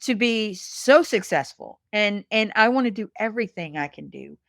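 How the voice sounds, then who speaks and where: A woman's voice: mid-range voice, lively intonation, moderate pace, vocal fry, a bit bright, no room sound, clean studio sound. A woman in her fifties, a podcast guest talking in a folksy, earnest way and calling people honey. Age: 50s. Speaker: guest, massage industry representative. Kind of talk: casual podcast conversation.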